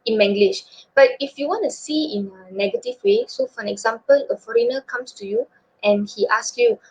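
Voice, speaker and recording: With a fairly high, breathy-edged voice and expressive delivery at normal speed, a young Malaysian woman gives a laid-back student webinar presentation in her Malaysian accent. She chats along with heavy use of fillers, and the video-call recording is dull and lo-fi.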